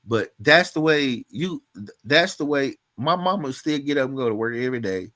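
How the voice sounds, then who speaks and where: A man's voice: medium pitch, animated, moderate pace, pushed and bright, no room sound. A man from Louisiana talking in casual chat as a podcast guest, swearing freely and acting out the voices in his stories. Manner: profane, storytelling, acts out quoted voices.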